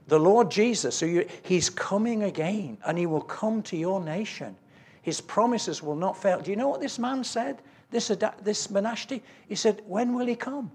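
A man's voice: sits high, husky. A man preaching a sermon, earnestly telling stories with quoted dialogue and reading scripture aloud.

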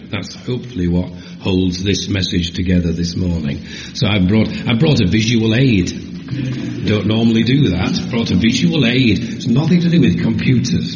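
A man's voice: fairly low pitch, a little mellow. A man preaching a sermon and joking playfully with his congregation. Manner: jokey, teasing, playful with the congregation. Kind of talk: sermon with audience banter. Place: church hall. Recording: roomy hall, lo-fi recording.

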